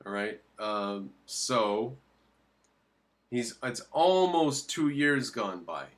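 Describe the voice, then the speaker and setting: Male commentator reacting to a clip, mid-pitched, emphatic, answers his own rhetorical questions. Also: lively intonation, extremely slow, a bit bright. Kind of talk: opinionated commentary.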